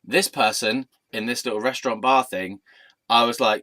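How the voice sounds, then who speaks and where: A man's voice: mid-range voice, steady tone, moderate pace, bright, forceful tone, no room sound. A man telling a casual storytime monologue in a rambling, playful, self-amused way. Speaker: vlogger.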